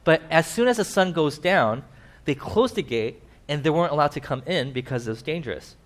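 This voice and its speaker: Animated man preaching a sermon. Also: fairly quick. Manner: animated, acts out quoted characters with sudden pitch jumps. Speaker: pastor. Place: church.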